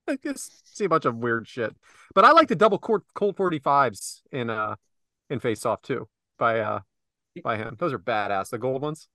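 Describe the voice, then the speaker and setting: A man's voice: medium pitch, very animated, unhurried, sharp tone, dry recording, studio quality. A man co-hosting a casual podcast, joking and arguing about movies. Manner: joking, argumentative. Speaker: podcast co-host. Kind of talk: casual chat.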